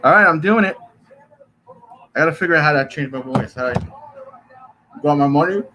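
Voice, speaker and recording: Young male streamer, slightly high voice, rambling and profane. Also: animated, fairly quick, bright, forceful tone, a little hiss or hum, rough recording. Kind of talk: casual live-stream chat. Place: bedroom.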